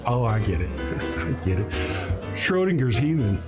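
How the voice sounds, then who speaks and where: A man's voice: mid-range voice, sing-song, unhurried. A man playing a sarcastic, stoned man arriving in heaven, in a comedy ad sketch, talking wryly and mockingly. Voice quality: wry, mocking. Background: music.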